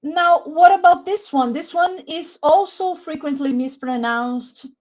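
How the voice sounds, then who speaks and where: Brazilian woman, webinar presenter, slow and careful delivery, somewhat high voice, dull video-call audio. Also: darkish tone. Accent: Brazilian Portuguese. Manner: encouraging, reads out names from chat; slow, careful word-by-word explanation. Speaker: webinar presenter for English teachers. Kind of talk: live online teaching webinar.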